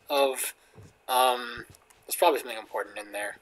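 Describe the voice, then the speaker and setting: Speaking at a moderate pace with long pauses, a young man with a mid-range voice hosts a casual let's play video. He cracks jokes, reads in-game lines out loud and chuckles frequently while faint game music plays beneath.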